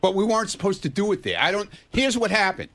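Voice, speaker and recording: Male staffer, high and lively, defensive storyteller, dry studio sound. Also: fast talker, dry recording. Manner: defensive, protesting, animated storyteller. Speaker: show staffer telling a story. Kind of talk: casual radio banter.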